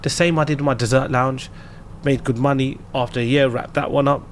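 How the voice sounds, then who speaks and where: A man with a London accent, a guest entrepreneur on a podcast, chatting casually and telling lively anecdotes with slang. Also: mid-range voice, brisk, a little hiss or hum. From England. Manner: animated storyteller, laughs while telling anecdotes, slangy.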